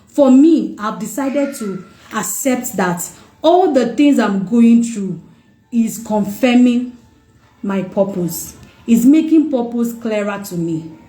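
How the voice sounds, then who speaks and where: Woman, fairly high voice, heartfelt personal testimony, repeats lines for emphasis, echoey room. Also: lively intonation, takes it slowly, warm tone. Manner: emotional, repeats phrases for emphasis. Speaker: mother sharing her testimony.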